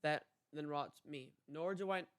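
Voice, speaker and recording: A man's voice: on the high side, clear, resonant tone, lightly acted. A young man reading aloud the lines of a courteous young knight in archaic speech, with hesitations. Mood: earnest. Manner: archaic formal speech, read haltingly.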